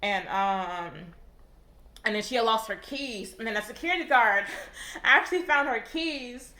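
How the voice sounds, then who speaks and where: A woman's voice: on the high side, measured pace, bright, forceful tone. A young woman casually telling a storytime, rambling with lots of fillers and heavy swearing. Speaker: vlogger. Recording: echoey room.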